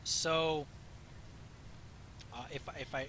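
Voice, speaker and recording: Chatty bright-voiced man rambling while driving. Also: on the high side, sing-song, normal speed, slight background noise, low-quality recording. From Southwest United States. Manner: chatty, meandering, self-interrupting. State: slightly hoarse. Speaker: gaming video host. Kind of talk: casual rambling commentary while playing.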